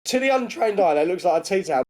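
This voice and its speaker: British male co-host, jokey scenario-spinner, slightly higher voice. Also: expressive, quick pace, darkish tone. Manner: jokey, spins silly scenarios. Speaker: podcast co-host. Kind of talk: casual comedy podcast chat.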